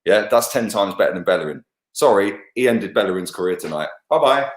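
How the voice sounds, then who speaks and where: A man's voice: lowish voice, animated, fairly quick, roomy sound. A man giving blunt, heated football opinions, peppered with "yeah" and "bruv". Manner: blunt, sweary, keeps saying "yeah" and "bruv". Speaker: co-host football pundit.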